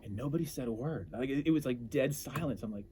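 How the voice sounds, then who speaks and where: A man telling stories as an interview guest, animated and often breaking off to restart his sentences. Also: mid-range voice, quick pace, a little hiss or hum. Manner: animated, self-interrupting storyteller. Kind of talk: casual storytelling.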